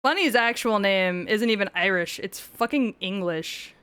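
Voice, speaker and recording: A woman's voice: medium pitch, measured pace, a bit bright, clear, resonant tone. A woman streaming gameplay, chatting casually with frequent swearing and joking asides.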